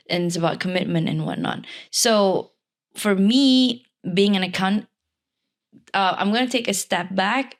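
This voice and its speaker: Lively woman guest, slightly low. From Malaysia. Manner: lively, laughs easily, quick asides. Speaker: podcast guest, life coach. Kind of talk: casual interview chat.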